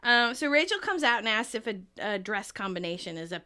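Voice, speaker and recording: Giggly female co-host with a bright, lively voice, casual recap chat. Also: medium pitch, a little fast, clear, resonant tone. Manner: giggly, acts out quoted lines. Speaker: podcast co-host.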